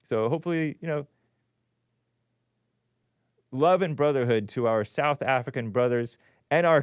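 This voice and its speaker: Male call-in host, sarcastic and rambling; lively swinging pitch, smooth close-miked voice. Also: no room sound. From California. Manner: sarcastic, rambling, chuckling asides. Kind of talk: casual live-stream commentary.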